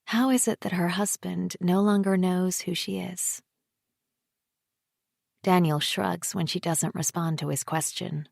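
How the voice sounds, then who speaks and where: A woman narrating an audiobook in a quiet, measured voice that drops low on the speech tags. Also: fairly even intonation, vocal fry, no room sound, clean studio sound. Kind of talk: scripted narration.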